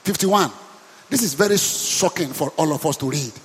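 A man's voice: a little high, normal speed, big-room sound, a little hiss or hum. A man with a Nigerian accent, a pastor preaching a sermon with emphatic call-and-response to his congregation.

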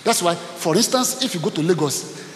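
A man preaching a sermon as pastor, dramatic and animated, acting out scenes. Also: high voice, normal speed. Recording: echoey hall with faint hiss.

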